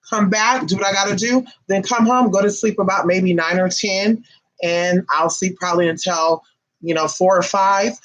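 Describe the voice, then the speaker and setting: A woman's voice: lowish voice, low-quality recording. A woman hosting a casual livestream, telling a rambling story full of profanity, chatting to her viewers and her pet as she reads comments. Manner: animated, profanity-laced storytelling; talks to viewers and a pet while reading comments. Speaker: livestream host.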